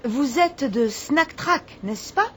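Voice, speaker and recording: A woman's voice: high-pitched, lively intonation, takes it slowly, a bit bright, slight background noise, exaggerated voice. A woman playing Hélène, a courteous French woman welcoming a visitor in a language course dialogue. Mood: polite. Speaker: dialogue actor.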